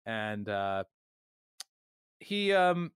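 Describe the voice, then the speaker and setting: Co-host type, young guy, lively swooping delivery, slips into jokey character voices, dry close-mic sound. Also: fairly low pitch, drawn-out words, smooth, dry recording. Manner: animated, acts out characters mockingly while retelling. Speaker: podcast co-host. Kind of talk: casual podcast recap chat.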